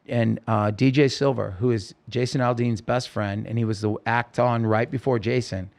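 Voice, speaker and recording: Gravelly-voiced man telling an earnest story. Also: mid-range voice, steady tone, moderate pace, darkish tone. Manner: earnest, rambling, with many restarts and fillers. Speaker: singer-songwriter telling his survival story as a guest. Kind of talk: emotional personal storytelling in a podcast interview.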